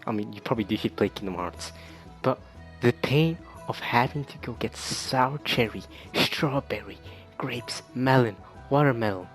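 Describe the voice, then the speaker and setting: Young man, let's-play commentary, excitable, stammers and repeats words, mid-pitched voice. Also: normal speed, faint music behind. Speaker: gaming video creator.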